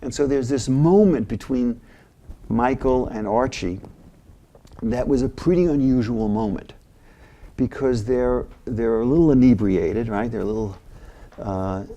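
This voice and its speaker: In an unhurried, mid-range voice, an older man, formerly head of a mental health agency, shares stories during an interview. He tells them animatedly, voicing the people in each scene.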